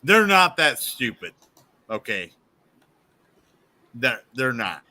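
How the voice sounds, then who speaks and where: A man's voice: mid-range voice, very animated, slow pace, pauses often, bright, forceful tone. A man from the Midwest joking and reassuring friends in a casual group chat. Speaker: guest.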